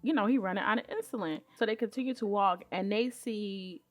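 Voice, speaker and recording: A woman giving casual recap commentary on a show, sassy and candid, with colloquial phrasing and sudden jumps in pitch when she quotes people. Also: fairly quick, faint music behind. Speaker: YouTube commentator.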